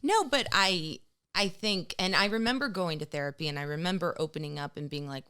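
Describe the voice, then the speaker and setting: A woman's voice: on the low side, a little fast, fairly bright tone, clear, resonant tone. A middle-aged woman co-hosting a podcast, talking casually and emotionally, often quoting others. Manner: emotional, tearful at moments, quotes people in voices. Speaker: podcast co-host. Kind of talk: casual chat.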